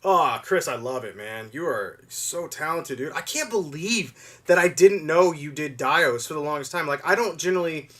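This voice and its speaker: Young guy streamer rambling to chat, bright edgy voice, lots of likes and restarts. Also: on the high side, moderate pace. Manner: rambling, lots of fillers and restarts, gushes with excitement. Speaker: livestream host. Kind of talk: casual stream chat to viewers.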